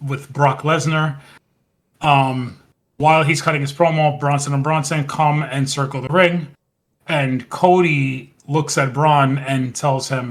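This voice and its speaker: A podcast co-host chats casually about wrestling, retelling scenes at a rambling pace and quoting lines along the way. His voice is mid-range with a fairly bright tone.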